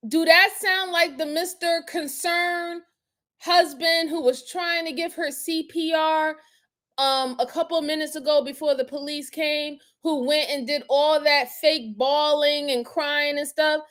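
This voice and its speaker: A woman's voice: sits high, steady tone, measured pace, a bit bright. A woman hosting a crime review, talking in a casual, slangy and blunt way. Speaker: host reviewing crime footage. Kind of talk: casual commentary.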